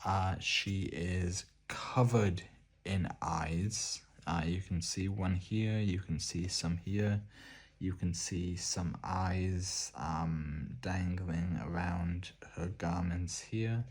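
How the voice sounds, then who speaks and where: An Irish man hosting a soft-spoken art book showcase, relaxed and hesitant, pausing often with fillers. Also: deep voice, breathy edge. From Ireland. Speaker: art book channel host.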